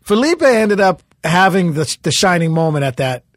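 A middle-aged man with a higher voice than most tells old stories as a podcast guest. He talks in animated bursts, swears freely and restarts his sentences. The recording is dry and close. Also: normal speed, no room sound. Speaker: comedian guest. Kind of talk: casual storytelling chat.

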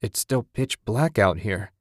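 A groggy, dismissive husband in a spoken story, as a male narrator plays him. He grumbles in a low, gruff, matter-of-fact voice. The sound is dry and close. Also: animated, a little slow, no room sound. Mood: grumbling.

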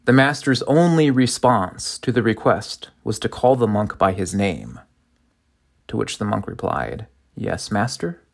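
A man's voice: lowish voice, expressive, measured pace, gravelly. A man preaching a reflective sermon, reading scripture and a parable and asking listeners questions. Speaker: pastor.

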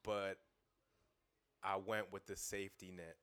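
A young man with a very low, smooth and resonant voice, speaking as a guest on a casual podcast. He talks earnestly and thoughtfully, often pausing on fillers as he works through his point. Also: flat delivery, a bit bright.

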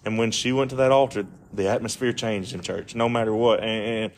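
A man's voice: fairly low pitch, steady tone, fairly quick, a little hiss or hum. A man hosting a podcast in casual conversation, earnest, with stammering restarts. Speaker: podcast host.

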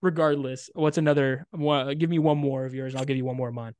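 A young man co-hosting a podcast, telling a story in casual chat with lots of "like" and sudden excited bursts. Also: medium pitch, quick pace. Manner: animated, loud bursts when reliving excitement, frequent "like". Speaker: podcast co-host.

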